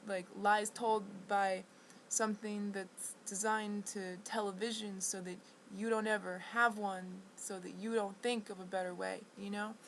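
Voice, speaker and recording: A woman telling a rambling personal story to camera. She talks in a halting, restless way, full of restarts and fillers, and sounds indignant. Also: medium pitch, flat delivery, a little hiss or hum, poor audio. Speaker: vlogger.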